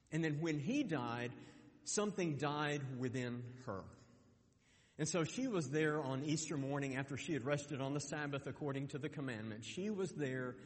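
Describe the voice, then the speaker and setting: Man preaching in an echoing hall. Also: medium pitch. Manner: earnest, with frequent repeated words and restarts. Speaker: pastor. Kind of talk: sermon.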